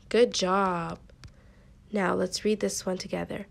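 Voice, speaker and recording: A woman teaching a kindergarten phonics lesson, sounding out letters slowly and praising the children often. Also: mid-range voice, little pitch movement, vocal fry.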